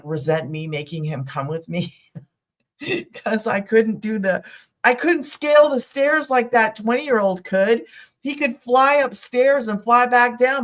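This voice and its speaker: A middle-aged woman with a mid-range, slightly bright voice hosts a casual live stream for her online business, telling a rambling, chatty story full of asides.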